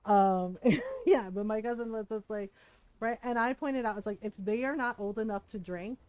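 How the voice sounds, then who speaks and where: High-voiced woman telling stories candidly. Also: very animated, moderate pace, a little mellow, no room sound. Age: 40s. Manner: candid, laughing, swears freely. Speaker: streamer. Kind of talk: casual storytelling chat.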